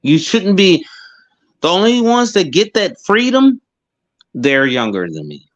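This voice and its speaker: A man's voice: high voice, big pitch swings, unhurried. Podcast co-host, male, swears constantly and rants in a voice that swings all over; slightly muffled, lo-fi sound. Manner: profane, rambling, heated rants. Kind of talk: casual chat. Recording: dull lo-fi sound.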